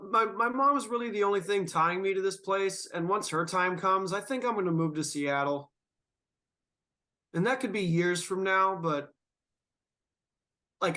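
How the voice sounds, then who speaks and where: A man hosting a casual podcast chat, rambling and drawn-out, stoned and yawning, laughing often. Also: high-pitched, fairly bright tone. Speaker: podcast host.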